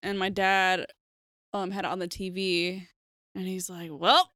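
A woman's voice: on the low side, flat delivery, fairly bright tone, no room sound, studio quality. Wry woman podcast co-host. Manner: wry, quick quips and interjections. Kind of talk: casual movie recap chat.

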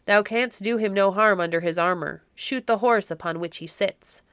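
Cruel vengeful baron, barked orders, louder higher voice, as a woman reads him, storybook audiobook, dry sound. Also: normal speed, smooth, no echo, lightly acted. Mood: furious. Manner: barking orders, raised voice. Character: furious vengeful male baron, cruel commander.

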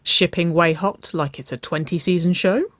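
A reader voicing a young woman who plays the wry, teasing big sister, often in a soft murmur. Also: mid-range voice, moderate pace, dry recording, pitched above the performer's own voice, close to an everyday voice.

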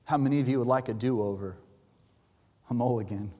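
A man's voice: mid-range voice, brisk. Man preaching in a reverberant church. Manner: earnest preaching, builds to loud emphatic peaks, drops soft for tender lines. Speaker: pastor. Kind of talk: Easter sermon. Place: large church hall. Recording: live church hall with long reverb and soft music.

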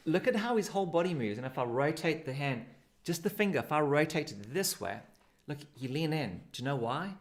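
A man's voice: a little high, lively intonation, a little fast. A man with a South African accent, a surf coach talking casually and explaining technique with demonstrations. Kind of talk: casual instructional chat.

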